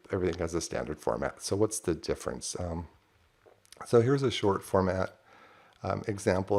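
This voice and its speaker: A man casually walking through a software demo on screen, talking loosely with lots of fillers. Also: deep voice. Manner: loose and conversational with frequent fillers. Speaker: software developer demoing a project. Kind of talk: casual screen-share tutorial.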